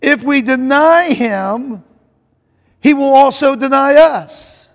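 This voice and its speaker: High-voiced, gravelly preacher in a hall. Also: male voice, slow. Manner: emphatic, repetitive, calls out to the congregation. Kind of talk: sermon.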